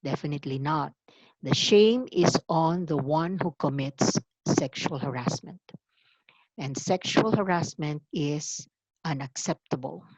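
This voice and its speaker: A woman giving a formal orientation lecture, deliberate and emphatic, stressing key words. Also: sits low, darkish tone, a little hiss or hum, low-quality recording. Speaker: university anti-harassment office coordinator.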